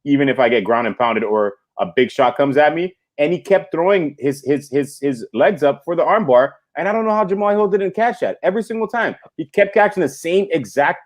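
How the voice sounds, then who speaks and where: A man's voice: a little high, expressive, fairly quick, hardly any pauses. Enthusiastic man breaking down fights. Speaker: podcast co-host. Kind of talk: casual fight recap chat.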